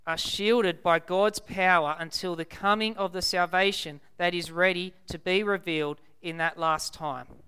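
A young Australian man preaching a sermon, stressing key words by repeating them slowly. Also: high voice, bright, forceful tone, smooth.

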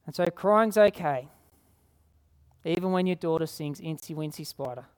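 An earnest woman preacher with a somewhat low voice. She repeats key phrases for emphasis and slows down when she reads scripture aloud. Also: a little mellow. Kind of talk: sermon.

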